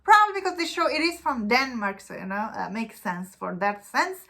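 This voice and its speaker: A woman's voice: a little high, lively intonation, brisk, creaky, pushed and bright. A woman giving a casual spoken review. She talks in an eager, chatty way, with many fillers, restarts and loose, informal phrasing. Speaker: movie reviewer.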